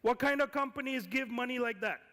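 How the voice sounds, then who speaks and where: A man giving a conference talk as an investor, lively and firing questions at the audience. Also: very high-pitched, brisk. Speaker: conference speaker, angel investor. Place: conference hall. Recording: reverberant hall.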